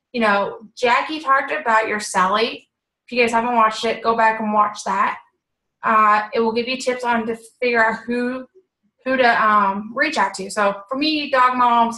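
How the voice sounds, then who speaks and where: A young woman, a health coach, giving a casual, upbeat talk with many fillers, acting out sample messages in a bright voice. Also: on the high side, roomy sound, rough recording.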